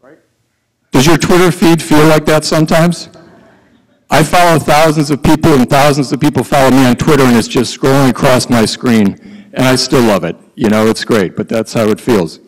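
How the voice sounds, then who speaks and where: A middle-aged man giving a prepared conference talk, who sometimes breaks into fast auctioneer-style patter. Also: medium pitch, fairly even intonation, in a large hall, low-quality recording. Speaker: conference speaker. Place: conference hall.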